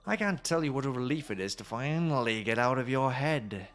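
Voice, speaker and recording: A man reading the lines of a sinister female dark reflection in a low, hushed, condescending tone. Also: animated, a little fast, close to an everyday voice. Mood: cold, scornful.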